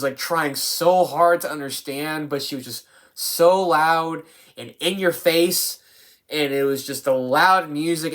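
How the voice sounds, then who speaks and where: This mid-range, slightly bright voice belongs to a film reviewer chatting without a script. It's a rambling delivery, heavy on fillers and restarts, and the swearing flows freely.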